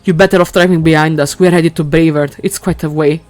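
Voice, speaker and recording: A woman reading the lines of a calm professional paramedic in a game, in a steady, reassuring way. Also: sits low, fast, no room sound, faint music behind, lightly acted.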